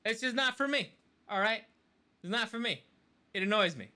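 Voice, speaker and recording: A man's voice: high-pitched, moderate pace, smooth. A man co-hosting a podcast in casual chat. He rants animatedly and swears often. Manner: animated ranting, swears a lot. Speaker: podcast co-host.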